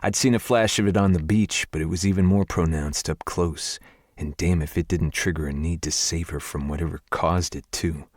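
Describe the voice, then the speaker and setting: Male audiobook narrator, very low voice, dry close sound, wry confiding first-person read. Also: fairly even intonation, moderate pace, no echo. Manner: wry, confiding inner monologue.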